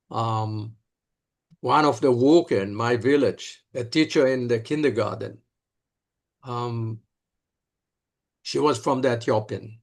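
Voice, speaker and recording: An older man with an Israeli accent, an interview guest telling stories in earnest, halting English. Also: mid-range voice, vocal fry. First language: Hebrew. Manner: earnest, halting, broken phrasing. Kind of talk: storytelling in an interview.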